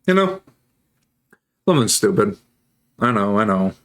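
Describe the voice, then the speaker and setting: A man's voice: fairly low pitch, big pitch swings, measured pace. A male streamer talking casually while he assembles models on stream. He rambles, makes jokes and stops to answer messages from his chat.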